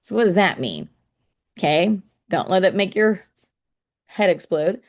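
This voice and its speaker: A woman's voice: fairly low pitch, sing-song, a little slow, darkish tone. A woman explaining poetry to children in a casual teaching manner, often checking in with "okay?" and tapping out rhythms aloud.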